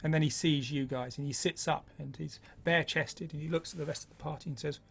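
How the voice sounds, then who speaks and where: A man narrating a tabletop game as game master, in a slow, hushed storytelling manner. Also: a little high, steady tone, gravelly, faint music behind.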